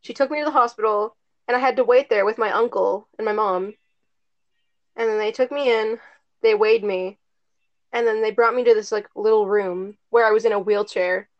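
A woman's voice: mid-range voice, steady tone, normal speed. A teenage girl casually telling a story to friends, rambling with lots of "like" and some swearing. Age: teens. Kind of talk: casual chat. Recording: dull lo-fi recording.

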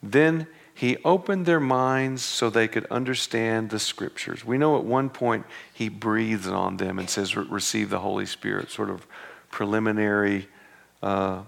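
A man's voice: fairly low pitch, unhurried, vocal fry, a bit bright. A man teaching through a Bible passage in an informal, conversational way, breaking off for joking asides and correcting himself as he goes.

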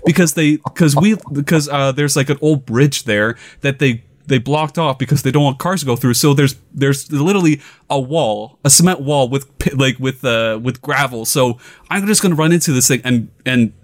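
A young man casually telling a funny personal story, laughing often and acting out his own yelling. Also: medium pitch, normal speed.

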